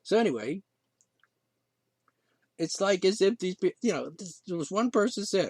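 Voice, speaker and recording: A man with a high, lively voice rants indignantly, swinging from sarcasm to exasperation. His delivery is rambling and full of restarts. The recording is dry and close. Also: normal speed, pauses often, no echo. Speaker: podcast host. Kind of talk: ranting monologue.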